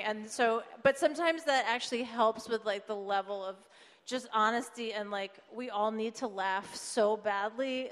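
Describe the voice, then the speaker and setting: A woman's voice: medium pitch, a bit bright, big-room sound. A woman chatting casually on a comedy panel, full of likes and ums and laughing often. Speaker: comedy show co-creator on a panel.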